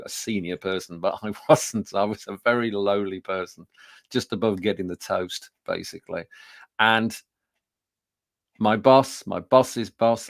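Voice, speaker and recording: A man's voice: low-pitched, no room sound, clean studio sound. A man, telling self-deprecating stories in a business talk, with frequent fillers and restarts. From Birmingham, England. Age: 60s. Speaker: public speaking trainer. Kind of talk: storytelling business talk to an audience.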